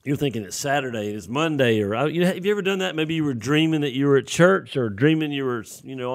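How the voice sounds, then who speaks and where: A man preaching a sermon, telling folksy stories and acting out the voices in them. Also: medium pitch. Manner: folksy storytelling with acted-out voices.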